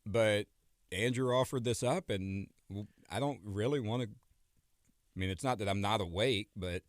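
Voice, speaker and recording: Thirties male guest, low-ish voice, loose rambling joker, dry close studio mic. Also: measured pace, no room sound. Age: 30s. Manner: rambling, jokey, trails off mid-sentence. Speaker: radio guest. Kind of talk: casual chat.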